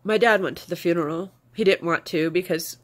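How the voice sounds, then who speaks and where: A woman's voice: on the low side, fairly quick. A woman vlogger telling a personal story to camera in a confiding, rambling way, with many fillers, close to tears.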